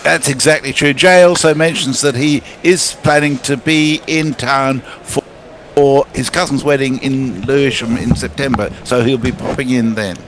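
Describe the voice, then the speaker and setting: A man's voice: medium pitch, steady tone, normal speed, noisy background. A male co-host reading out listener messages in a friendly, amused, casual chat.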